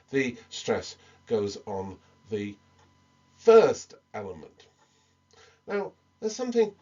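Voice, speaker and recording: A man giving a recorded English lesson, talking slowly with many ums and small restarts. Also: medium pitch, warm tone, breathy edge, highs cut off. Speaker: medical English teacher.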